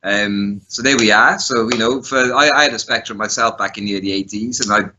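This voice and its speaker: A man's voice: lowish voice, a little fast, sharp tone, lo-fi sound, slight background noise. A man co-hosting a casual chat, talking loosely and laughing often. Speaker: co-host.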